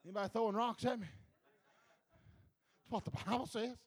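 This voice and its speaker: A male preacher delivering a fervent sermon, halting with filler sounds, laughing and calling out to the congregation. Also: extremely high pitch, fairly even intonation, a little mellow. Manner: fervent, repeats calls to the congregation, laughs between lines.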